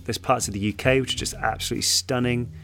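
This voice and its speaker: A man co-hosting a podcast, chatting in a friendly, animated way and thanking listeners. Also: medium pitch, fast talker, vocal fry, soft background music. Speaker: podcast co-host. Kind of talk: casual chat.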